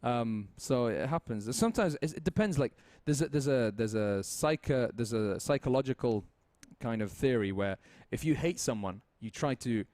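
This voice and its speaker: A man's voice: mid-range voice, expressive, moderate pace, few pauses, darkish tone, no echo. A young man with a Mancunian accent, casting an esports match in a chatty, rambling way, often correcting himself and laughing. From Manchester, with Libyan roots. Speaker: esports caster. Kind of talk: casual esports commentary.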